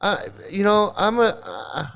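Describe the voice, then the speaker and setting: A man's voice: high voice, wildly swooping pitch, measured pace, gravelly, fairly bright tone. A man hosting angry reaction commentary, talking heatedly with a lot of swearing and repeating himself. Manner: heated, profane, repetitive. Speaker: commentary channel host.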